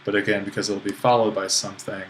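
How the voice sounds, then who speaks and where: A man's voice: lowish voice, level tone, fast talker, slight background noise. A man teaching, working through grammar exercises and patiently correcting himself as he goes, with a little dry humor. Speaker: Greek teacher.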